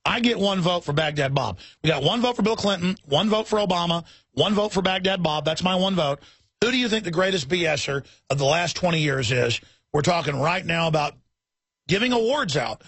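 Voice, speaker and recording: A man hosting a radio talk show, ranting in a fiery, mocking way with quick tangents. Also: sits high, animated, a bit bright, husky, no room sound.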